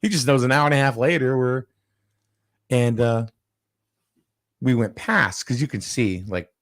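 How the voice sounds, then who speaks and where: A man's voice: medium pitch, a little slow, no room sound. A man hosting a casual chat, telling a long story with lots of fillers and restarts. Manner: rambling, with many fillers and restarts.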